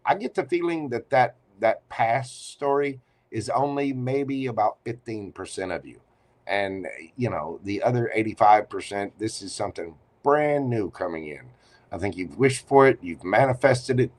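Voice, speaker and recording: A man giving a live tarot reading, chatty and expressive, speaking straight to the viewer. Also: mid-range voice, normal speed. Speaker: tarot reader.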